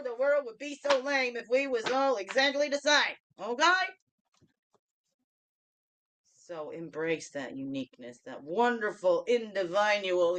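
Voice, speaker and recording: A woman hosting a daily reflection show, chatting through her spiritual card reading. She keeps asking "okay?", laughs often and swings from loud bursts to soft asides. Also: lowish voice.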